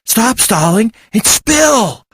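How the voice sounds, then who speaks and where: Storybook heroine: male reader doing a high, tense young woman, urgent and sharp. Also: very animated, normal speed, breathy edge, no room sound, studio quality.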